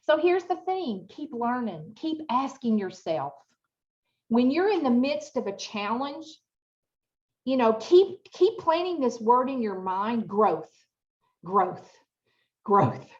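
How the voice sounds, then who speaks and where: A middle-aged woman giving an interactive online workshop, chatty and expressive, asking the audience lots of rhetorical questions over a video call. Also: fairly high pitch, slow pace, dull audio. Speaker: workshop presenter.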